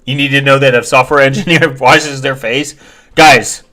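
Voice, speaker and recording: A man ranting as he reacts to videos, swearing and mocking, dropping to quiet mumbles and then bursting into loud shouts. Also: medium pitch, steady tone, normal speed. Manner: angry, profane, mocking, breaks into sudden shouts; mumbles quietly while reading comments aloud.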